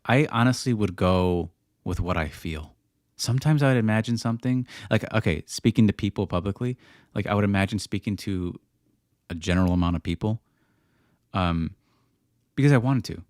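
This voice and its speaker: A man with a fairly low voice answers viewers on a casual livestream. He rambles and slides into rants, restarting his sentences as he goes. The sound is dry and close. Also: no room sound. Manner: rambling, ranting, frequent restarts. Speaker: livestream host answering chat.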